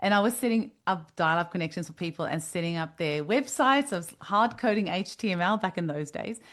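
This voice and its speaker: A woman's voice: lowish voice, lively intonation, a bit bright. A woman in her forties hosting a podcast interview, talking casually and correcting herself as she goes. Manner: quick, self-correcting, conversational. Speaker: podcast host.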